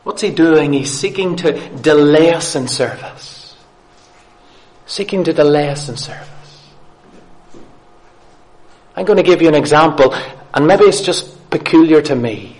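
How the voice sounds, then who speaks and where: A man's voice: fairly high pitch, animated, measured pace, long pauses, a little mellow. A man preaching a sermon in an earnest way, asking his listeners questions and repeating key phrases for emphasis.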